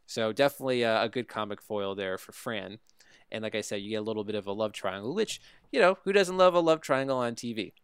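A man's voice: lowish voice, animated, fast talker, fairly bright tone, smooth, dry recording, studio quality. A man hosting a podcast, recapping a TV episode in easy conversational chat and often checking in with "right?". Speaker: podcast host recapping a TV show. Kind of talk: casual review chat.

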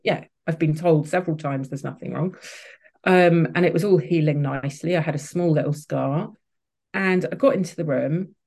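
A woman's voice: low-pitched, normal speed, darkish tone. A woman, a podcast guest, telling a personal story candidly, with frequent restarts and fillers. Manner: open, emotional, many restarts and fillers.

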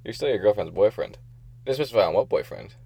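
A man's voice: fairly low pitch, lively intonation, fast talker, gravelly, warm tone, slightly rough. A man co-hosting a casual podcast, teasing his friend with crude humor and giggling. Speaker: podcast co-host. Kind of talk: casual joking chat.

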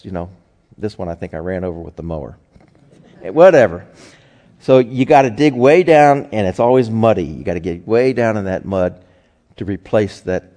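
A pastor with a warm, lowish voice preaches a sermon in a folksy, conversational style, sharing homespun stories. The recording carries a long hall reverb.

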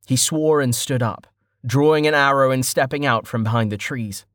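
A man reading a fantasy novel aloud in steady, scripted narration. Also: medium pitch, normal speed, dry recording, studio quality. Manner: steady storytelling. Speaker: audiobook narrator.

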